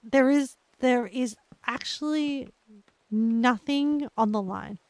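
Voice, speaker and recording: A young woman with an Australian accent, chatting gently and encouragingly with her live viewers as a streamer, laughing often. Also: on the high side, slow, no echo. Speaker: livestreamer. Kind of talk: casual chat with live viewers.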